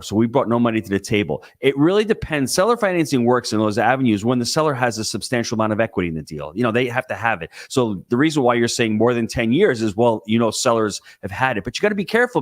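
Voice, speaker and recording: A man's voice: medium pitch, no echo. Man, conference panel speaker, emphatic coaching delivery, dry close sound. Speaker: conference speaker, real estate investor. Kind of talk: live panel talk. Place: conference stage.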